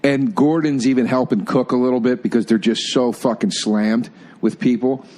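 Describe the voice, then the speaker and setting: A man's voice: medium pitch, steady tone, normal speed, a little mellow. A man chatting casually, laid-back and swearing as he tells a story. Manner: laid-back, swearing, says "dude" a lot.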